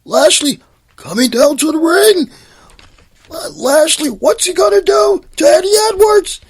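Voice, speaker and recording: Uptight male play-by-play man, as a man mocks him, tense and pitched way up. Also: animated, measured pace. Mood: strained. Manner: tense, strained calling.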